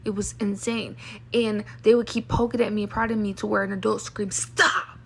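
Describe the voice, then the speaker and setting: A woman's voice: mid-range voice, level tone, fairly quick, creaky, a little mellow, slight background noise. A woman hosting a podcast, venting frankly and emphatically while telling her own story. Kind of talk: candid personal storytelling.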